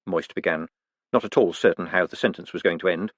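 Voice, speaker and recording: A man narrating an audiobook in an expressive, lively reading voice. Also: deep voice, fairly quick, slightly rough, no room sound. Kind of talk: scripted narration.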